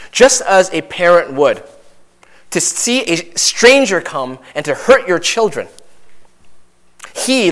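Lively conversational preacher, man. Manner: conversational preaching with frequent asides and tag questions; animated, rises in pitch and volume when stressing a point. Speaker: pastor. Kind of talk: sermon.

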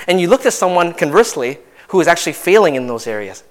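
Lively conversational preacher, man. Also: fast, few pauses. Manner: conversational preaching with frequent asides and tag questions; animated, rises in pitch and volume when stressing a point. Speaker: pastor. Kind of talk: sermon.

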